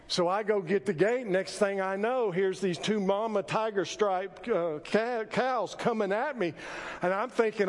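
Preacher guy telling stories, high voice, lots of hall echo. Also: unhurried. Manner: folksy, animated storytelling with sudden loud emphasis. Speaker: pastor. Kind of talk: sermon with personal storytelling. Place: church sanctuary.

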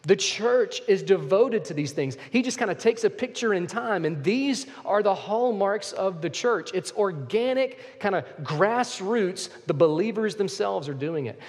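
A man delivers an emphatic sermon as pastor, his voice sitting a little high for a man. He hammers his main points by repeating them. The sound rings with a long reverb, as if from a large church sanctuary. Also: expressive, measured pace, hardly any pauses. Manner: emphatic preaching, repeats key phrases.

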